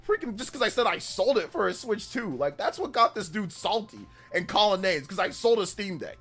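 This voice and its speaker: A man's voice: sits high, big pitch swings, fairly quick, fairly bright tone, husky, soft background music. A man hosting a casual livestream, ranting in exasperation about a troll and then apologizing. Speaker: livestream host.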